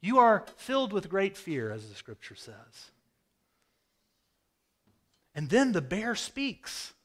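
A male pastor preaching in a storytelling style, his voice sitting a little higher than most men's. He swings from loud, emphatic bursts down to quiet, drawn-in phrases. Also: huge pitch swings, slow. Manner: storytelling, dramatic swings in loudness. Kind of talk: sermon. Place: rural home with a hayfield.

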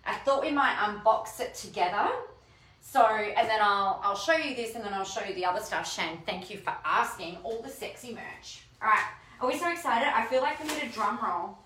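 A woman's voice: mid-range voice, normal speed, sharp tone. A woman hosting a chatty video, gushing and exclaiming as she unboxes her new book. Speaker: host and author. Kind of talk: excited unboxing chat. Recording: echoey room.

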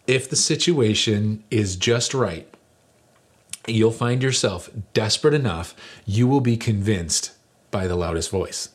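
A man who is a lead pastor, telling a story in a relaxed, chatty sermon with many fillers. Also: lowish voice, unhurried, breathy edge.

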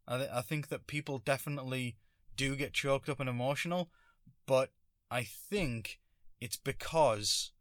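A man in a casual solo monologue, rambling and sarcastic, stopping and restarting his thoughts. His voice sits at an ordinary middle pitch. The sound is dry and close, with no room echo. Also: pushed and bright. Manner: rambling, sarcastic, self-interrupting. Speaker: vlogger.

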